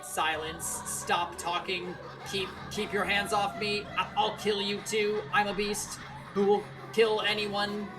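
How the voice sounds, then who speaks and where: A woman's voice: sits low, flat delivery, slow pace, distant mic. A woman playing a tormented violent man. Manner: tormented, desperate. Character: haunted, violent man who calls himself a beast. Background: game music.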